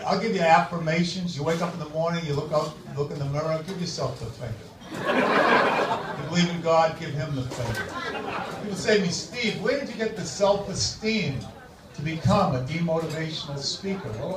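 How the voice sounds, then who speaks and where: Sardonic comedian, echoey and distant. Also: male voice, fairly high pitch, background noise. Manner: sardonic, crude deadpan jokes. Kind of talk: stand-up comedy. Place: comedy club. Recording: echoey club from far off.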